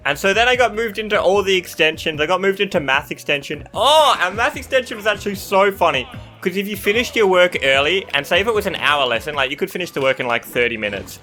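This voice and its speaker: A man in his twenties chats through school stories as he plays, his voice bright and lively. He keeps breaking off to react to the game. Game music plays softly underneath. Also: a little high, fast talker. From Australia. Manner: animated, breaks off mid-story to react to the game. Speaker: gaming YouTuber. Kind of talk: storytelling while playing a video game.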